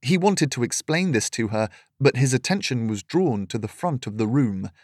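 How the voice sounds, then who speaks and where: A man reading a fantasy story aloud in steady, measured scripted narration. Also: medium pitch, no room sound, clean studio sound.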